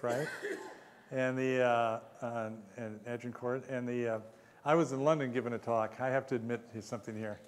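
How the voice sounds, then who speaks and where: A man's voice: medium pitch, long reverb tail. A man giving a conference lecture, rambling between asides and chuckling at his own stories. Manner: rambling, chuckles often, self-deprecating.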